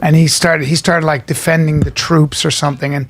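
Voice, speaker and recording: High-voiced man telling a heated story. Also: little pitch movement, a little fast. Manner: heated, profane, repeats phrases while telling a fight story. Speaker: podcast co-host. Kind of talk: casual storytelling chat. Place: podcast studio.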